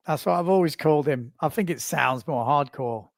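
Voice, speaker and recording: A man's voice: on the high side, normal speed, creaky, no room sound. Chatty self-mocking man, dry close sound. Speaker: live stream host. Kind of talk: casual live commentary reading chat. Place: small live booth.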